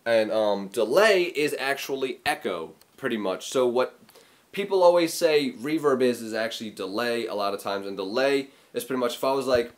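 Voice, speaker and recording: A man's voice: mid-range voice, expressive, normal speed. Rambling man casually explaining audio terms. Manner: rambling, filler-heavy, demonstrates sounds with his voice. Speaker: music tutorial host. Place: small room.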